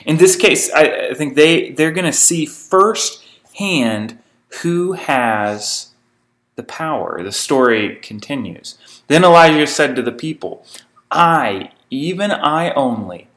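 A man's voice: fairly high pitch, expressive, slow pace, a bit bright. Man reading scripture with asides. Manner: reads the passage steadily, breaks in with informal asides. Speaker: preacher.

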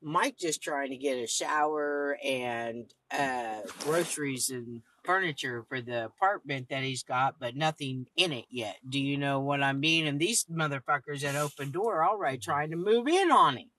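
A woman's voice: extremely low pitch, moderate pace, hardly any pauses. A woman host telling a long story in casual talk, blunt and swearing freely, acting out the other people's lines as she goes. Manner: blunt, heavily profane, animated retelling with quoted dialogue. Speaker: podcast host.

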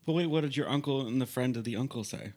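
A man's voice: mid-range voice, fast talker, darkish tone. A man in casual chat, asking questions with dry, hesitant reactions.

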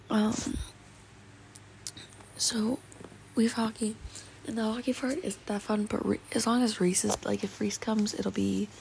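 A woman's voice: mid-range voice, creaky, mellow, a little hiss or hum, rough recording. A teenage girl, rambling casually in a teary, sniffly voice and often half-whispering. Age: teens. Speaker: vlogger.

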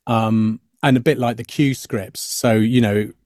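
A man's voice: medium pitch, fairly even intonation, a little slow, darkish tone, dry recording, studio quality. A middle-aged man, an actor guest on a podcast, explaining his craft thoughtfully with many fillers and restarts. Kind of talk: podcast interview.

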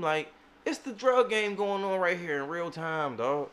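Animated, profane man riffing on a podcast. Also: fairly high pitch, normal speed. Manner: profane, animated, riffing, says "dog" often. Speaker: podcast co-host. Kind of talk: casual chat.

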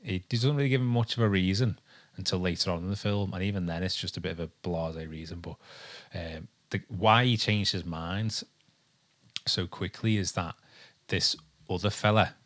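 Deep-voiced rambling male podcaster. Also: steady tone, normal speed, a bit bright. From England. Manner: rambling and hesitant, lots of ums. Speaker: podcast co-host. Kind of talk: casual chat.

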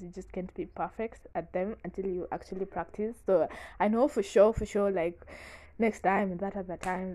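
A young woman talking frankly in casual chat, excitable and quick to burst into laughter, swearing freely. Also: mid-range voice. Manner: frank and profane. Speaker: vlogger.

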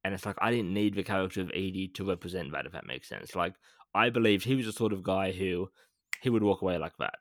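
A man co-hosting a film podcast, talking in a measured, hesitant way with a lot of fillers. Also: sits low, dry recording, studio quality. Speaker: podcast co-host. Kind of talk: casual film discussion.

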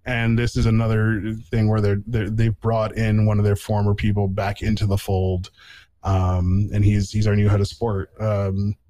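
A man's voice: fairly low pitch, flat delivery, normal speed, warm tone, no echo, low-quality recording. Rambling casual male podcast host. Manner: rambling, with many fillers and restarts. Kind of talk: casual sports chat.

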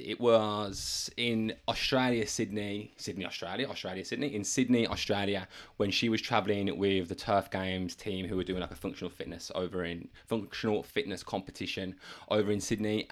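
A man's voice: lowish voice, normal speed. A young English man with a slight West Midlands tinge, hosting a fitness podcast in casual, chatty, rambling talk. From England. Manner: chatty and upbeat, rambling asides. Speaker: podcast host. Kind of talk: casual chat.

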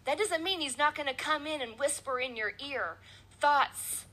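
A woman delivers a sermon from the pulpit with a high voice. Her tone is bright and forceful. She builds each point through rhythmic, repeated phrases. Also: normal speed, rough recording. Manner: emphatic preaching with repeated phrases. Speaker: preacher.

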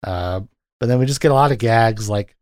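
Brisk and mid-range, with a darkish tone, a man co-hosts a casual film discussion podcast. He retells scenes in a rambling, filler-laden way, captured as clean studio sound without echo.

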